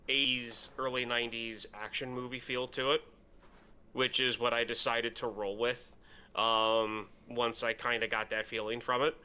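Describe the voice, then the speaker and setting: A man with a mid-range, smooth voice and a sharp tone co-hosts a movie podcast. He chats casually about films, rambling, laughing easily, and using lots of fillers.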